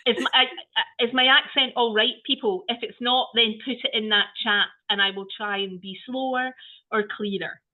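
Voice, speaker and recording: A woman giving an online training talk on children's play, animated and playful, often exclaiming. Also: fairly high pitch, normal speed. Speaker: early-years play trainer. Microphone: video call. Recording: tinny video-call audio.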